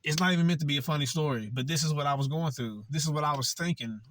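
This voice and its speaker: A man's voice: on the high side, fast, fairly bright tone, a little hiss or hum. A young man vlogging, telling a candid personal story in a blunt, profane, conversational way.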